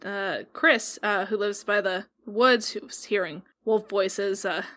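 A woman's voice: mid-range voice, fairly even intonation, unhurried, a bit bright, natural voice. A woman voicing a nervous male museum worker who hesitates a lot. She barely changes her own voice for him. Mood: flustered. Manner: hesitant, full of ums and uhs.

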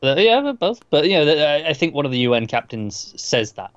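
Guy talking fast about a show, thinking out loud, muffled lo-fi mic. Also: a little high, very animated, no room sound. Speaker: podcast co-host. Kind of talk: casual TV episode recap chat. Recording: dull lo-fi mic sound.

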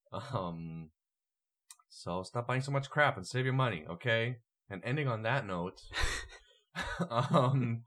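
Low-ish guy rambling on a podcast, laid back, lots of likes and ums. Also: breathy edge. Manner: relaxed, rambling with fillers. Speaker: podcast co-host. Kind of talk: casual chat.

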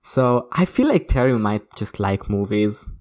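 A man's voice: fairly low pitch, big pitch swings, a little slow, darkish tone. A man co-hosting a casual podcast chat, talking in loose, rambling sentences full of fillers and restarts. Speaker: podcast co-host.

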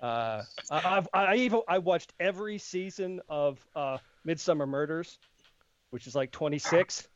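A man from the States drops joking asides in podcast banter. His voice is slightly high, and it comes across dry and a little muffled. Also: lively intonation, normal speed, no room sound. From United States. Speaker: podcast co-host.

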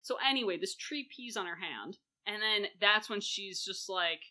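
A woman co-hosting a casual chat about a play, animated and gushing, with sarcastic asides. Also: mid-range voice, normal speed. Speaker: podcast co-host.

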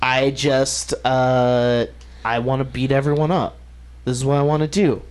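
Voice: mid-range voice, steady tone, a little slow, a little mellow, clean tone. A podcast host leading a casual wrestling chat, enthusiastic and agreeable.

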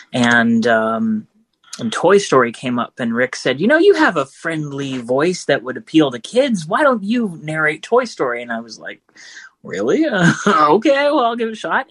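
Man moderating a panel, unscripted, halting delivery full of ums and restarts, dry close sound. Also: mid-range voice, fairly bright tone, dry recording. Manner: hesitant, many ums and restarts.

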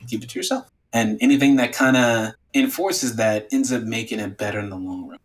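A man talking casually as a guest about game design, animated and rambling with lots of "like" fillers. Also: mid-range voice, brisk. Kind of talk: casual conversation.

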